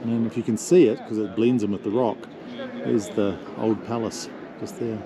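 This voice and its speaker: A man hosting a travel vlog outdoors in a mountain town, speaking in a reflective, softly awed way as he leads a tour. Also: lowish voice, fairly even intonation, moderate pace. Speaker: tour leader and vlog host. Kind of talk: casual travel vlog narration. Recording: outdoor street crowd behind.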